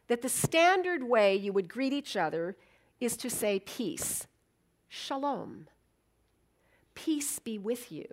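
A woman's voice: a little high, fairly bright tone. A middle-aged woman giving a chatty, reflective talk to an audience, with many fillers and easy laughs. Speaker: speaker.

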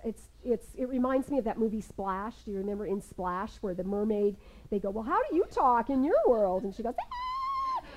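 An older woman minister giving a sermon to a seated congregation. She tells stories with lively energy, then slows into calm, measured guided prayer. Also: a little high, rough recording. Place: in front of a seated congregation in a room.

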